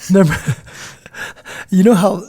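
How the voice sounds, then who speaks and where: Podcast co-host, male, slightly high voice, lively storyteller who mimics others. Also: slightly rough. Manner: animated storyteller, mimics people, laughs often. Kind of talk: casual chat.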